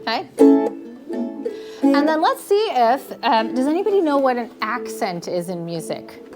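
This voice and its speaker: A woman's voice: high voice, very animated, normal speed, music in the background. A woman with a Canadian accent teaching a group ukulele lesson, encouraging and checking in often with "okay". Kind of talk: live group music lesson. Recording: loud ukulele playing behind. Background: ukulele strumming.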